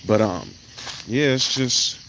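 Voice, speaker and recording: A man, talking in a rambling, blunt monologue that swings into loud, emphatic bursts. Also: mid-range voice, expressive, slow pace, vocal fry, a little hiss or hum. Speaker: vlogger. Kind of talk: casual monologue on an evening walk. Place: outdoors at night.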